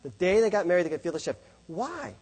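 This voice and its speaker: A middle-aged man with a husky voice that sits high for a man, talking to an audience. He asks question after question and answers each one himself, speaking plainly and conversationally. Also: sing-song, quick pace, a little mellow, low-quality recording. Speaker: speaker on love and faith. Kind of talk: presentation to an audience.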